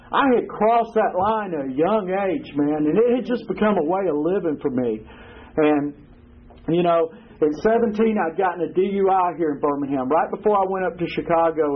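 A man's voice: on the high side, fairly quick, breathy edge. A man giving his personal testimony at a recovery meeting, rambling and earthy, leaning on "you know". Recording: tinny phone-like recording with faint hiss.

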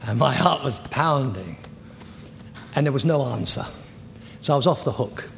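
An older man in his sixties giving personal testimony as a recovery meeting speaker, halting, candid and self-deprecating. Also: mid-range voice, animated, gravelly. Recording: echoey hall with faint noise.

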